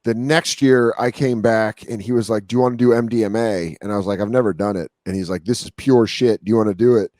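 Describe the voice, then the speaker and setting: A man's voice: lowish voice, fast talker, hardly any pauses, no echo, studio quality. A man in his thirties, a comedian guest telling drug stories in casual chat, acting out other people's voices. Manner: animated storytelling, acts out quotes.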